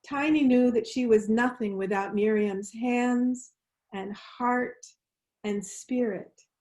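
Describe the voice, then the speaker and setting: Lady minister telling a story real slow, soft, gets folks to repeat lines. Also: on the high side. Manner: gentle, slow, leads the congregation in responsive lines. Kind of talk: storytelling sermon.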